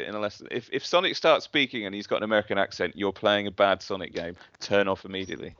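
A man's voice: lowish voice, fast, hardly any pauses, a bit bright, no room sound. A man co-hosting a podcast, chatty and opinionated with a lot of hedging. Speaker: podcast co-host. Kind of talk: casual chat. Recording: dull, slightly lo-fi dry sound.

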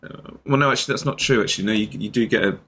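A man's voice: lowish voice, rapid-fire, fairly bright tone, slightly rough. A man co-hosting a casual podcast chat, enthusiastic and often restarting his words. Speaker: podcast co-host.

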